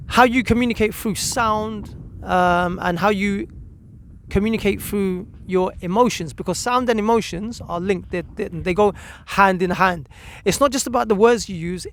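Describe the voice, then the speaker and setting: A man's voice: high-pitched, a little hiss or hum. A man giving a spoken lesson as a parenting channel host, talking in short phrases and repeating words when he stresses a point.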